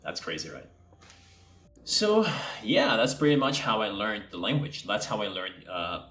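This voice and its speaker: A young man from Mexico, an English teacher, chatting casually to camera and speaking deliberately from the throat. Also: on the low side, big pitch swings, a bit bright. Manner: speaks from the throat to sound native-like. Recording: echoey room.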